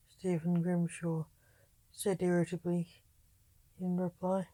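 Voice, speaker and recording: A woman reading a story aloud in a slow, measured storybook manner. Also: lowish voice, fairly even intonation, mellow, no room sound, rough recording. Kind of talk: scripted story narration.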